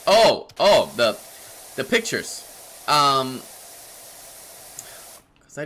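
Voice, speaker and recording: Animated rambling man streaming a game. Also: drawn-out words, pauses often, a little hiss or hum. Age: 30s. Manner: rambling and chatty, laughs often, reads chat aloud; animated, jumps in pitch when excited. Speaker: livestreamer playing a game. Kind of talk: casual live stream chat.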